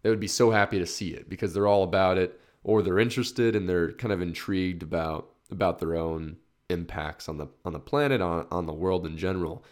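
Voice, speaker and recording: A man hosts his own solo podcast, rambling casually, swearing freely and laughing at himself as he gets fired up. He talks fairly quickly with few pauses, restarting his sentences, and his pitch rises when he gets excited.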